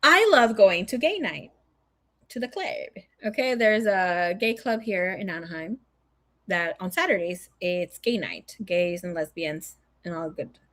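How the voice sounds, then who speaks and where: Animated swearing woman telling a story. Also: on the low side, measured pace. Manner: animated, swears a lot, acts out quotes. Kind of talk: casual storytelling.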